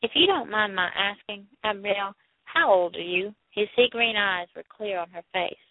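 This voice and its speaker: Female audiobook narrator, steady novel reading, thin phone-like sound, dry. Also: medium pitch, moderate pace, dry recording. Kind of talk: novel reading with light character voices.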